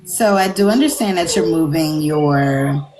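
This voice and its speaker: A woman's voice: deep voice, lively intonation, measured pace, darkish tone, slight background noise. A woman hosting a casual live interview, chatty and emphatic, laughing easily. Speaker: livestream interviewer.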